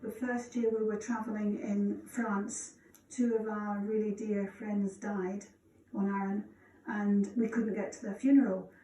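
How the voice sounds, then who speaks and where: A woman's voice: mid-range voice, unhurried, soft background music. A Scottish retired teacher in her sixties speaking earnestly in an interview. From Scotland. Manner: plain, earnest, even. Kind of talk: reflective interview. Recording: echoey, distant, faint background noise.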